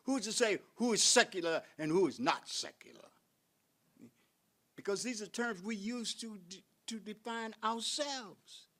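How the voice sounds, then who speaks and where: An older man, a professor, giving a reflective conference lecture full of rhetorical questions, halting now and then with fillers and restarts. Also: high-pitched, lively intonation, fairly bright tone. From United States.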